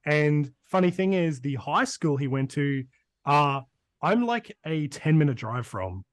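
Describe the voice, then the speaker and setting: A man's voice: fairly high pitch, very animated, unhurried, dry recording. Rambling Brisbane-accented man. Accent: Brisbane Australian. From Australia. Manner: rambling, many fillers. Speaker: podcast co-host. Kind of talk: casual chat.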